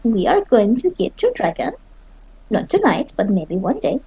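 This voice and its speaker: A woman's voice: medium pitch, sing-song, moderate pace, dark tone, slightly rough, no echo, highs cut off. A woman playing a tabletop game, speaking in character in a playful, mocking way. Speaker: player.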